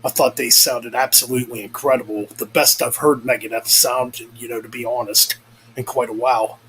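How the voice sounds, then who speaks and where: Steady in tone, a bit bright and medium-pitched, a young man rambles at a moderate pace in a casual vlog, cursing freely and correcting himself as he goes. The recording is rough, with slight background noise.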